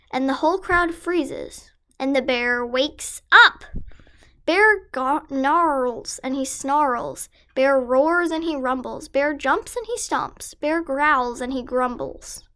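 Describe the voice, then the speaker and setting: A woman's voice: high voice, takes it slowly, a bit bright. A woman reading a children's picture book aloud in a sing-song, rhyming delivery. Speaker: storyteller.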